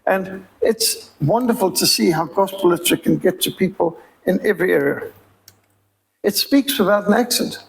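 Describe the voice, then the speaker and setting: A man's voice: sits high, moderate pace, creaky, rough recording. A man with a Rhodesian accent giving an emphatic, preacherly sermon-style appeal as a missionary speaker. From Zimbabwe.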